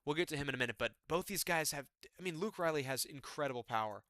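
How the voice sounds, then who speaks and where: A young man casually breaking down fight predictions in an excitable, chatty way, peppered with "man" and "dude". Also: a little high, fast, dry recording, clean studio sound.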